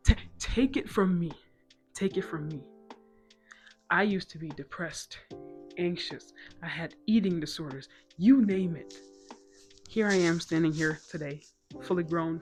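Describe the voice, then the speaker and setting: Woman, 20s, casual storytime vlogger, chatty, self-mocking. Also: on the low side. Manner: chatty, quick asides and self-mocking jokes.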